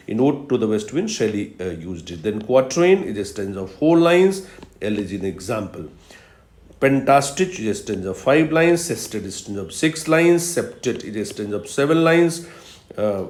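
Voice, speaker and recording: A man giving a recorded literature lecture, explaining patiently and repeating key terms slowly for emphasis. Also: mid-range voice, darkish tone. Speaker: literature professor. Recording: roomy echo.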